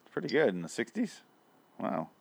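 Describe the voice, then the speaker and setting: A man's voice: mid-range voice, huge pitch swings, fairly quick, gravelly, a little mellow, husky. A man co-hosting a podcast in casual, joking, sometimes profane banter. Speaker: podcast co-host. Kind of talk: casual chat.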